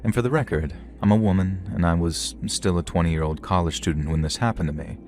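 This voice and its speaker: A man reading horror stories aloud in a steady, even storytelling manner. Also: deep voice, a little fast. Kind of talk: scripted horror story narration.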